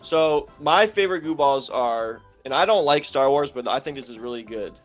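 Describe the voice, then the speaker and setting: A man's voice: mid-range voice, lively intonation, moderate pace, soft background music. A man chatting casually as a guest on a live stream, rambling and correcting himself.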